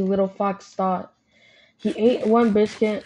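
Woman storyteller, kids' read-aloud, flat and mellow, lo-fi. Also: medium pitch, measured pace. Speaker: storybook reader.

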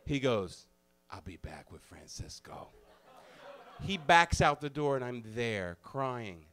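On stage in front of an audience, a man with a voice on the low side tells a personal tale. His delivery is animated and profane, shifting between loud bursts and hushed confessions.

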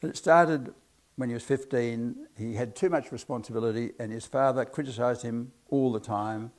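A man's voice: mid-range voice, normal speed, a little mellow. A man giving a hypnotherapy talk to an audience, telling chatty, self-deprecating stories about his cases. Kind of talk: anecdotal lecture to an audience.

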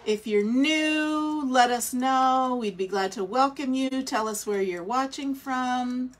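A woman's voice: high voice, slow pace. A woman hosting a casual live craft demo from a small studio, chatty and welcoming, thinking aloud as she works, with a scratchy throat and stuffy nose. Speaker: craft livestream host.

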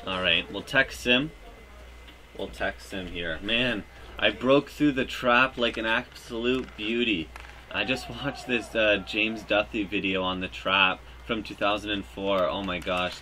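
A man giving live commentary over his own hockey video game, joking and breaking into loud cheers at big plays. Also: on the low side, a little slow, slight background noise. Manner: excitable, jokey, bursts into loud cheers. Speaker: gaming YouTuber.

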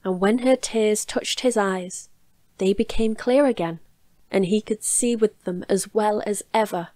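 A storyteller with a mid-pitched voice reads a fairy tale aloud, calm and measured. It was recorded dry and close in a small home studio, with no echo.

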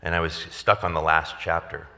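Deep-voiced pastor telling a candid story. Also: male voice, level tone, a little fast, vocal fry, sharp tone, in a large hall. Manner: conversational, candid storyteller with wry humor. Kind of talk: personal storytelling speech at a gala. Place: large event hall.

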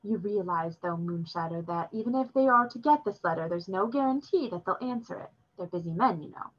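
A woman voicing a gentle wise older woman. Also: lowish voice, animated, highs cut off. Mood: cautioning. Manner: gentle, measured and reflective.

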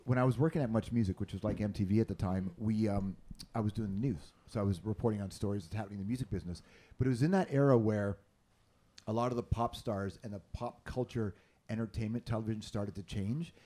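A man's voice: lowish voice, quick pace, dark tone. A man from Canada, a journalist and radio host, chatting candidly and casually, swearing now and then. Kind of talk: casual podcast chat.

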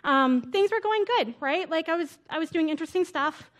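A woman speaker at a conference, telling her story in a relaxed, chatty way full of "like" and "right?". Her voice sits noticeably high. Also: brisk. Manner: casual, chatty, lots of "like" and "right?". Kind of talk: conference talk. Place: conference stage before an audience.

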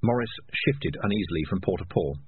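A man reading an audiobook with expressive storytelling. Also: low voice, brisk, breathy edge. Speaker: audiobook narrator. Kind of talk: audiobook narration. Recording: tinny lo-fi audiobook recording.

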